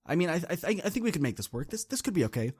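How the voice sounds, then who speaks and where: A woman's voice: very animated, very fast, darkish tone, breathy edge, heavily acted. A man voicing an easygoing teenage girl who goes along with anything. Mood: nervous. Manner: high, breezy, agreeable. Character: easygoing teen girl, eager to please.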